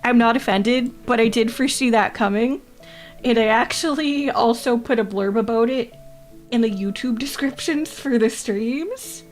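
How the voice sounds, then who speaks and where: A woman's voice: a little high, normal speed, faint music behind. A woman streaming casually, reading chat aloud, joking crudely and laughing often, often repeating her own phrases. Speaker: VTuber streamer.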